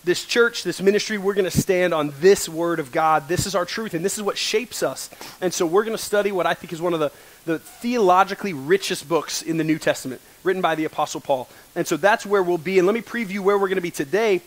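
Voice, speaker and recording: A man's voice: sits high, quick pace. A young man pastoring a college ministry, preaching earnestly in a coffee shop service, emotional and joking with his listeners. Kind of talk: sermon.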